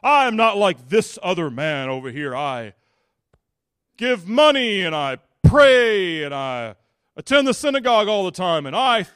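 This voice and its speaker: A man's voice: high-pitched, big pitch swings, measured pace, a bit bright, clear, resonant tone, no echo, studio quality, pitched above the performer's own voice, exaggerated voice. A man voicing a proud, self-praising man praying aloud. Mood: smug. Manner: boastful, declaiming.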